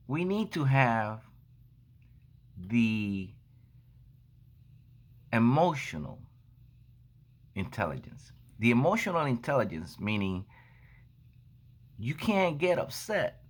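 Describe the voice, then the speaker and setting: A man's voice: medium pitch, a bit bright. A man who sells coffee, telling a story in a casual monologue and acting out the dialogue as he retells it. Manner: unhurried, acts out dialogue in his retelling. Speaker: coffee seller and vlogger.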